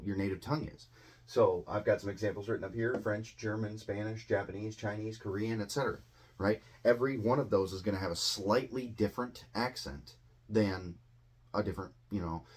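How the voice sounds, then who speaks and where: Low-voiced Midwestern man teaching. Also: husky. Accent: American Midwestern. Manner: conversational, tag questions and fillers. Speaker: English teacher. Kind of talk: casual explanatory lesson.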